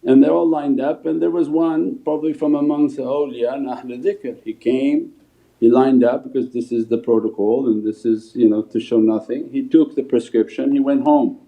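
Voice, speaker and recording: A man's voice: mid-range voice, fairly even intonation, moderate pace, creaky. A Sufi shaykh giving a spiritual talk and answering questions, telling stories as he teaches. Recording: phone-like livestream audio.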